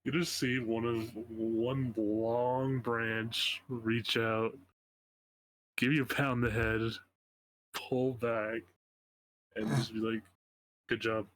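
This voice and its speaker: A man's voice: mid-range voice, flat delivery, slow, pauses often, a bit bright, rough recording. A man running a tabletop game as game master, narrating in a hesitant way, often restarting his phrases.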